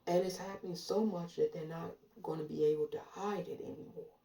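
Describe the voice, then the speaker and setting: Emphatic woman with a gravelly, dark voice. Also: fairly low pitch, steady tone. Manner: emphatic, repetitive, drawn-out stresses. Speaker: commentator. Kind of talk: casual monologue to camera. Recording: echoey room from far off.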